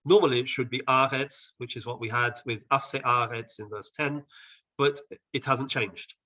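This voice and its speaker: A man who advises on Bible translation, leading a session on a video call with thoughtful explanations, often pausing and restarting. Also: mid-range voice, fairly even intonation, pushed and bright. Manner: thoughtful, with frequent hesitations and restarts. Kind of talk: explanatory teaching talk.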